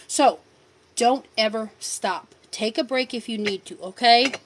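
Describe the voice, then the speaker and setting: A woman's voice: on the high side, a little slow. A middle-aged woman hosting a casual live stream, answering viewer questions in a firm, direct way and repeating her key points for emphasis. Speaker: livestream host selling supplements.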